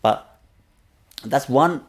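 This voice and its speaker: A man as a spiritual teacher, guiding listeners through a meditation practice in a gentle, repetitive way with soft laughs and many fillers, on a webinar. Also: medium pitch, extremely slow. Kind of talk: guided spiritual talk.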